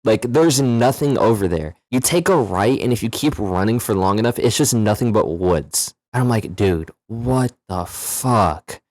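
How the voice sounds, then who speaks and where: Low-voiced man telling a wild story. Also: moderate pace, few pauses, dry recording. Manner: animated, profane, slangy storytelling. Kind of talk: casual story-time vlog.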